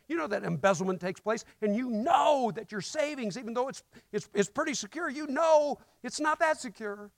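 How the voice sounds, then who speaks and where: A male guest preacher delivers a conversational sermon, telling stories and asking the congregation rhetorical questions. His voice sits high and has a gravelly edge. The sound is dry and close, and he builds to loud emphasis. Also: no room sound. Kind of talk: sermon with storytelling. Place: church.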